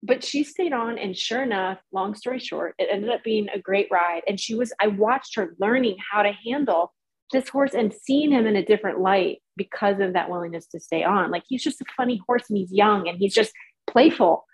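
A woman co-hosting a podcast, telling a rambling, animated story in casual chat. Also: mid-range voice, normal speed, slightly rough, rough recording. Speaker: podcast co-host.

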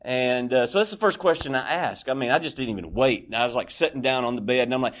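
A man's voice: medium pitch, quick pace, few pauses, fairly bright tone. A man gives a candid, self-deprecating personal testimony at a recovery meeting, acting out bits of dialogue. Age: 40s.

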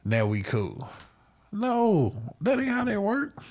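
A podcast host with a high voice speaks slowly, telling stories through casual, profane banter. He's animated and laughs often.

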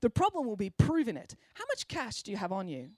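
A woman's voice: medium pitch, wildly swooping pitch, a little fast, a little mellow, dry recording. A woman doing a self-assured schoolgirl sleuth. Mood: confident. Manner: confident, matter-of-fact, theatrical. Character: clever, peculiar schoolgirl detective.

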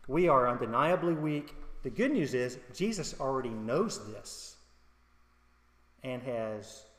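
A middle-aged man delivers a sermon in a relaxed, conversational way, mixing personal stories and light humor with questions to his listeners. His voice sits in the middle range and carries the long reverb of a roomy church hall. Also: mid-range voice, slow pace. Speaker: pastor. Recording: echoey hall.

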